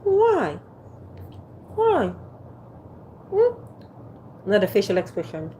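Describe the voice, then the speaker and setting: A woman's voice: mid-range voice, wildly swooping pitch, takes it slowly, dark tone, muffled recording, slight background noise. A woman hosting a casual livestream from a phone on a ring light, playfully teasing and coaxing her viewers to type in the chat. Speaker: livestream host.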